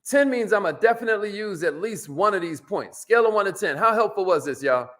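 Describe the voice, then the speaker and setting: An energetic man hosts a motivational live stream, greeting viewers by name and pushing them to like and share. His voice sits high for a man. He talks casually and leans on y'all. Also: fast.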